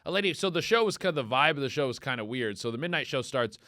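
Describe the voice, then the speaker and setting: A man's voice: mid-range voice, animated, quick pace, pushed and bright, dry recording, clean studio sound. A male comedian and podcast host telling a rambling, profane story, laughing as he goes and acting out the voices of people in it. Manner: acts out quoted voices. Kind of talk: casual comedic storytelling monologue.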